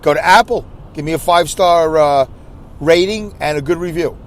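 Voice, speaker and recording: A man's voice: a little high, normal speed. A man hosting his own podcast in a casual solo chat, rambling and repeating himself with frequent side remarks. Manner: rambling, repeats himself, self-interrupting asides. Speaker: podcast host.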